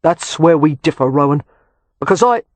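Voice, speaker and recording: A man's voice: fairly high pitch, animated, moderate pace, no room sound. A man voicing Cam, a weary wry husband. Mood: heated.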